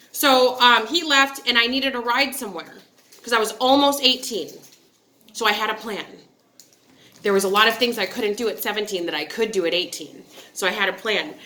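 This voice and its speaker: A woman's voice: medium pitch, sharp tone. A woman in her thirties from upstate New York, telling a personal story in a candid, chatty and digressive way, with frequent asides to her viewers. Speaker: vlogger. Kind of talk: casual storytelling.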